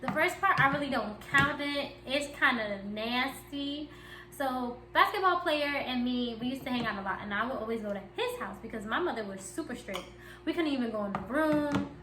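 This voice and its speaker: A woman's voice: sits high, expressive, normal speed, noisy background. Giggly, chatty young woman telling a story. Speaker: vlogger. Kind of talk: casual storytime chat. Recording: echoey room.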